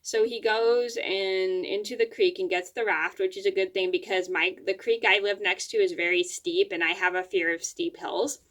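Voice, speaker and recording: A woman's voice: medium pitch, steady tone, moderate pace, few pauses, fairly bright tone. A woman vlogger telling a personal story to camera at home, rambling, with frequent restarts and fillers.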